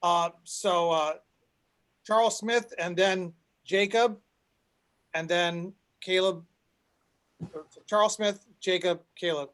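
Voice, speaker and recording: A male panel host with a notably high voice, moderating an online discussion. He rambles and restarts his sentences often, heard over a video call. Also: fairly even intonation, slow, pauses often, a bit bright, clear, resonant tone.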